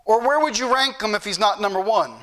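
High bright-voiced preacher man. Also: fairly quick. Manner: preachy, repetitive emphasis. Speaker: pastor. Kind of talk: sermon.

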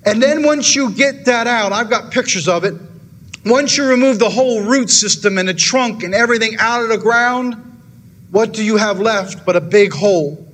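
A man's voice: sits high, normal speed, a bit bright. A man preaching a sermon in a church in an earnest, repetitive way, then leading a prayer that keeps calling on the Lord. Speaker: pastor.

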